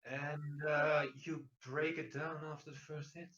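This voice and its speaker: A man's voice: fairly high pitch, flat delivery, unhurried, lo-fi sound, noisy background. Man running a tabletop game. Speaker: game master.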